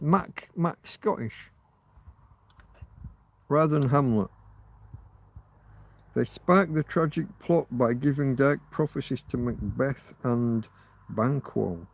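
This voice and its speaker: Brit guy rambling on a stream, slow gravelly voice, mutters and swears to himself. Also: medium pitch. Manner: muttering, swearing, thinking aloud. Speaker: livestream host. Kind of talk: rambling casual livestream chat.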